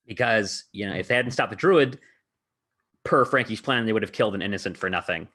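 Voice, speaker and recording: This game master, hosting a podcast, gives a casual, rambling account of a tabletop session he ran, heavy on filler words and laughter. His voice is on the low side, fairly quick and a bit bright.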